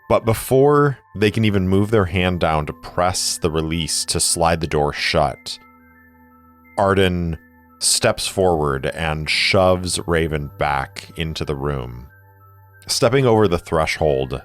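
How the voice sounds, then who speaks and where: Deep voiced guy narrating solo tabletop rpg like a movie, slow and steady, soft music faint behind. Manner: cinematic, describing camera shots. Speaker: game master narrator.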